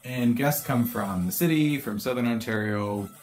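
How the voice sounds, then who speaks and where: A man co-hosting a let's-play, thinking aloud in a relaxed way. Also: medium pitch, normal speed. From Canada. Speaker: co-host, gamer. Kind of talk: casual let's-play commentary.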